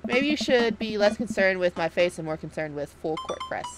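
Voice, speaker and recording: A woman's voice: medium pitch, expressive, fairly quick, over music, lightly acted. Woman voicing a sarcastic teenage daughter. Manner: teasing, deflecting.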